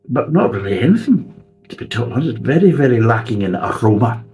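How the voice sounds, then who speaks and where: A man's voice: mid-range voice, sing-song, fairly quick, pauses often, a little mellow, faint music behind, low-quality recording. A man reviewing a beer in a casual, sweary, ranting way.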